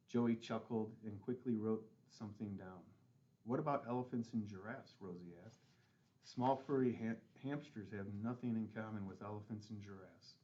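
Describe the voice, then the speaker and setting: Man with a lowish voice reading a kids' book aloud, dull recording. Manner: gentle storytelling with light character voices. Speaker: school board president reading aloud. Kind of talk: children's book read-aloud.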